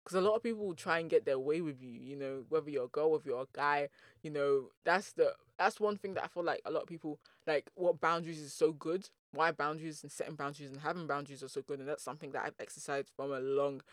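An energetic, bubbly man from Nigeria talks straight into a dry, close mic, hosting a solo motivational podcast. His voice sits a little high for a man. He jumps between playful slang and earnest pep talk. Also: quick pace, dry recording. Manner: slangy, calls listeners "boo boo". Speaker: podcast host.

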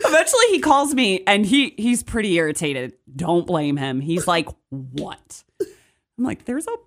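A young adult woman co-hosting a podcast, telling a story in casual chat with animated delivery. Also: on the low side, measured pace. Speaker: podcast co-host.

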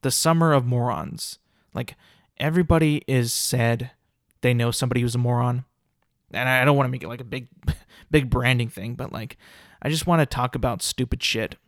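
Solo male podcaster, fed-up rant, dry close mic, middle pitch. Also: moderate pace, no room sound. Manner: exasperated, ranting, many fillers and restarts. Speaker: podcast host.

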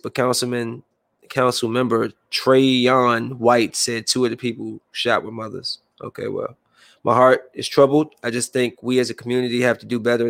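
A man's voice: mid-range voice, creaky, no echo. A man commenting casually on news headlines, reading them aloud and then rambling and venting about them in a loose, conversational way. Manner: rambling, loose, stops to react and vent; reads headlines aloud in a flatter tone. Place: room with a window.

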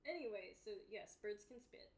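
A woman's voice: mid-range voice, lively intonation, normal speed. A woman co-hosting a casual podcast, recapping a movie with jokey, chatty fact-checking asides. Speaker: podcast co-host.

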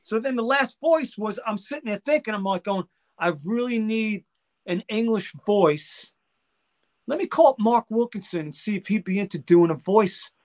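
Man, high voice, casual chat, excitable, acts out quotes. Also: a little fast, few pauses. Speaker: guest musician.

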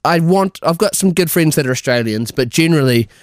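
A man's voice: on the high side, lively intonation, a little fast, no room sound, studio quality. A young man, co-hosting a casual chat, swearing heavily and laughing through his anecdotes. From New Zealand. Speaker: podcast co-host. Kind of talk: casual pub-style chat.

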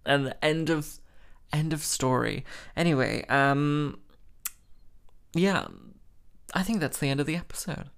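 This podcast host talks by himself in a casual storytelling chat, rambling and mocking himself with plenty of fillers and dramatic asides. His gravelly voice is fairly high-pitched, a little slow, and broken up by long pauses.

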